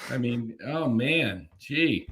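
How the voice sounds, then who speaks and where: Relaxed male sports show host. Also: medium pitch, husky. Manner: relaxed, measured, reads viewer messages. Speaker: host reading donations. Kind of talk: casual sports talk show.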